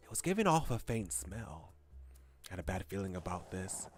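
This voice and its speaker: A man reading as a young high-school guy narrating. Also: moderate pace, a little hiss or hum. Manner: lively storytelling, exclaims at the gross parts. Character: young male high-schooler narrating his own story. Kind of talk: reading game text aloud as narration.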